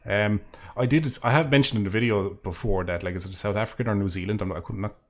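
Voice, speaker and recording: A man's voice: lowish voice, fast talker. A man with a rambling, sweary, sarcastic manner, casually chatting while reading super chats on a live stream.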